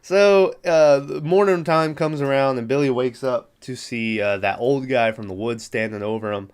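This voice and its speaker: A man's voice: medium pitch, moderate pace, smooth. A man hosting a podcast, recapping a movie in a rambling, profane, amused way. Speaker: podcast host.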